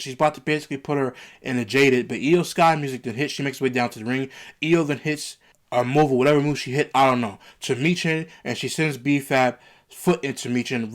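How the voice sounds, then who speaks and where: A man ranting through a wrestling show review, heated and emphatic, repeating his points to the viewers. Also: medium pitch.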